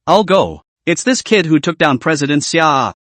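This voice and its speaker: Guy doing excited envious party guests, voice up high, dry sound. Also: normal speed, no echo. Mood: astonished. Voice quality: excited, gossiping. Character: astonished, envious male banquet guests.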